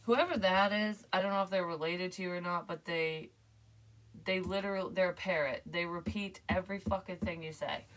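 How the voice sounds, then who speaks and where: A woman with a somewhat low voice rambles loosely through a psychic reading, swearing freely and breaking into laughter. She sits a little back from the microphone, so her voice sounds slightly distant. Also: brisk. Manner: rambling, profane, laughs often. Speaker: psychic medium doing card readings. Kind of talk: casual reading chat.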